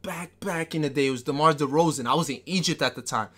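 Excitable young male game streamer. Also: on the high side, quick pace. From New York. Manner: excitable, trash-talking, bursts into yelling and laughter. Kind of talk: live gameplay commentary.

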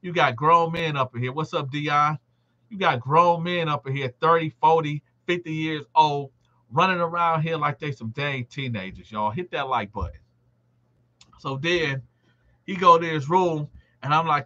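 A man hosts a live stream and tells a prison story in a loose, conversational way. His voice is bright and cutting and sits a bit high for a man. He acts out the other inmates' lines, and the dull, lo-fi stream audio takes the top off the sound. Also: normal speed. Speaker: livestream host telling a prison story. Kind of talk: casual storytelling to a live audience.

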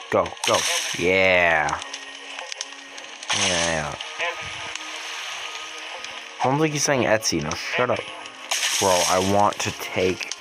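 Over game music, a young man streams a mobile game, muttering and cursing casually as he plays. His voice is low-pitched and the recording is low quality.

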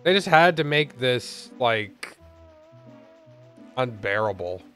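Young man, let's play host, sweary, exasperated, mid-pitched voice. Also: sing-song, takes it slowly, bright, forceful tone, faint music behind. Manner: profane, exasperated. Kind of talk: gameplay commentary.

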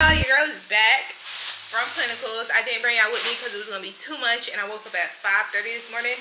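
A woman's voice: a little high, fairly even intonation, pushed and bright. A woman in her twenties, a nursing student, chatting casually and in a hurry to her vlog viewers. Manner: chatty, rushed, addresses viewers as y'all. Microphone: compact camera. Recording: echoey room with clear background noise.

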